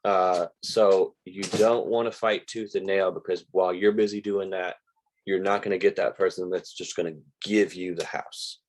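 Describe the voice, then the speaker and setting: A man's voice: sits low, steady tone, normal speed. An older American man teaching real estate investing in a casual live stream, telling stories and quoting conversations with sellers. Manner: chatty storyteller, quoting conversations, says "like" a lot.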